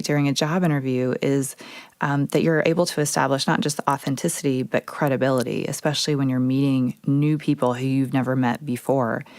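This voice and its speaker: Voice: mid-range voice, no room sound. A podcast host asking long, engaged interview questions.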